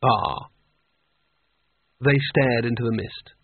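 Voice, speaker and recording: Male narrator, husky, measured storytelling, tinny phone-line sound, dry. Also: medium pitch. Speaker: audiobook reader. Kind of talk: scripted narration.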